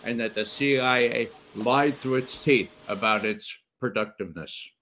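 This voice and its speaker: A man's voice: mid-range voice, moderate pace, bright, forceful tone, slight background noise. A man speaking as a guest on a remote roundtable, earnest and indignant, quoting officials to back his argument. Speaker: former intelligence analyst guest. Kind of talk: roundtable discussion.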